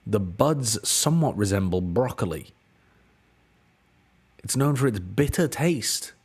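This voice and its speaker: A British man from the United Kingdom streams himself solving word puzzles, chatting casually and thinking aloud in an unhurried, drawn-out way. His expressive, slightly mellow, husky voice rises and falls a lot, and he gets exasperated and swears when answers annoy him.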